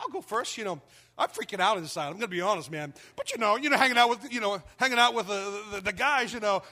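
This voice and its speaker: A man preaching a sermon, telling a personal story with lively quoted voices and dramatic pauses. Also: high-pitched. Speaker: pastor.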